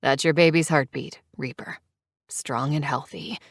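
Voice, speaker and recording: Brief: a woman playing a calm, reassuring man doctor, low and even. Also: unhurried, no room sound, clean studio sound. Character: calm male club doctor, kind and steady.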